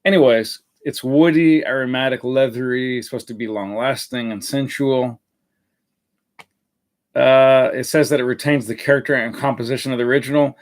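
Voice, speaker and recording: A man talks through a fragrance review on a live stream in a loose, chatty way. He rambles, restarts his sentences and corrects himself as he goes. His voice sits in an ordinary middle pitch for a man. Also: fairly even intonation, moderate pace. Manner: rambling, many fillers and self-corrections.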